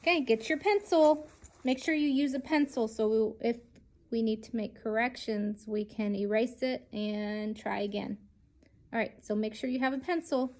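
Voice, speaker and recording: A woman's voice: fairly high pitch, normal speed, darkish tone. A woman teaching a children's lesson, speaking patiently and sounding out each letter.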